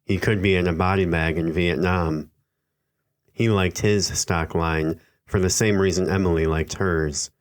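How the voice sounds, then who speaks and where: A man with a very deep voice narrates a literary horror tale. His reading is slow, measured and somber, scripted storytelling from start to finish. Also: clean tone.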